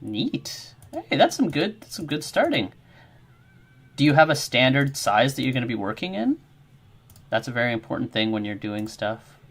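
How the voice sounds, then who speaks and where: A man's voice: medium pitch, very animated, normal speed, long pauses, fairly bright tone. A man streaming his game development work, chatting casually with viewers in a rambling, friendly, encouraging way and answering chat.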